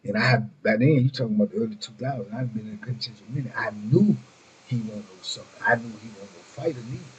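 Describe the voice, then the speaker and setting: A man's voice: mid-range voice, darkish tone, husky. A middle-aged man telling prison stories as the show's host, in laid-back street slang with rambling asides. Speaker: storyteller host. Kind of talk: casual prison storytelling. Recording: muffled lo-fi recording.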